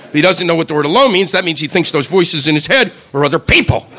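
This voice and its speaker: A man doing a profane stand-up routine, ranting and acting out shouted impressions. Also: a little high, lively intonation, fast. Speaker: stand-up comedian.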